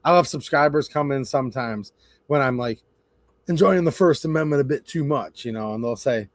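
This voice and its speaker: A man's voice: mid-range voice, brisk, no echo. A man hosting a casual livestream, talking in a sarcastic, rambling, mocking way. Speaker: channel host.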